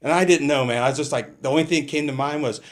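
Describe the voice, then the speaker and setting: A man's voice: fairly high pitch, racing. A middle-aged man with a Californian accent, a retired police captain telling a story in casual conversation, acting out the dialogue and laughing as he goes.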